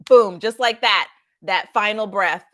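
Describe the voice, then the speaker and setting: A young adult woman, a nurse, telling stories to camera in a soft, earnest way with frequent restarts. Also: mid-range voice, measured pace. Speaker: nurse and vlogger. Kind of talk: casual storytelling to camera.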